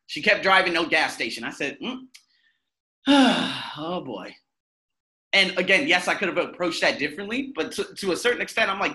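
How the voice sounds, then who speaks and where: A man's voice: sits high, sing-song, normal speed, pushed and bright. A man hosting a self-help podcast, talking bluntly and with lots of swearing. He asks himself questions and answers them in a candid motivational monologue.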